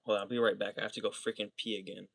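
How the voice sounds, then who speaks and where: A man's voice: fairly low pitch, little pitch movement, gravelly, fairly bright tone, a little hiss or hum. A young man chatting casually on a livestream from his bedroom, rambling and restarting his sentences. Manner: rambling, halting, many restarts.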